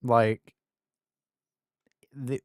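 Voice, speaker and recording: A man's voice: mid-range voice, flat delivery, very slow, clear, resonant tone, no room sound, studio quality. A young man from England, his English accent fading toward London, chatting casually and rambling on a gaming stream. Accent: fading English, London-leaning. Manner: rambling, filler-heavy, self-interrupting.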